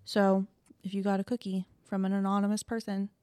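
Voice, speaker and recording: A woman's voice: mid-range voice, monotone, brisk, dark tone, dry recording. A woman co-hosting a campus podcast, reading event announcements in a chatty way with filler words. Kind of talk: casual chat.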